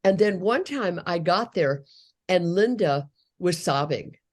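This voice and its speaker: A woman's voice: on the low side, slow. A woman in her sixties, a speech therapist, telling a long personal story in an interview, acting out the people she quotes. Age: 60s. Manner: earnest, animated storytelling with quoted voices.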